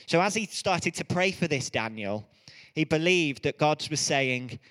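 A man preaches a sermon in a smooth, resonant voice that sits a little high for a man. He tells his stories with energy and often stops to correct himself. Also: in a large hall. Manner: lively storytelling with quick self-corrections.

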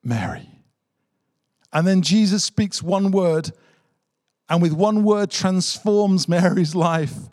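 Earnest pastor, dry close sound. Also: male voice, high-pitched, fairly even intonation, slow pace, darkish tone, no echo. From Britain. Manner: dramatic storytelling with emphatic repetition. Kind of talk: online Easter sermon.

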